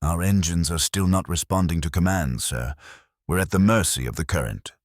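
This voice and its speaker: A man's voice: low voice, normal speed, dry recording, studio quality. A man doing a nervous young sonar officer. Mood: uneasy. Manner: tense, urgent reporting. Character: young, frightened navy lieutenant on sonar.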